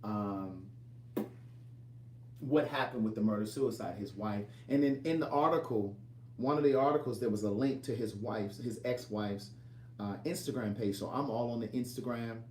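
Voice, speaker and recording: A man's voice: fairly low pitch, normal speed, darkish tone, recorded from a distance, a little hiss or hum. Rambling storyteller man in an echoey room. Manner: rambling, repeats and restarts phrases. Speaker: author and vlogger. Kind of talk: casual storytelling to camera.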